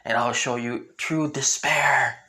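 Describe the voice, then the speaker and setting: An arrogant male villain who talks in a low, slow hush that sometimes drops to a whisper, as a man puts him on while narrating a homemade fan story. He sounds cruel and proud rather than loud. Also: steady tone. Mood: gloating.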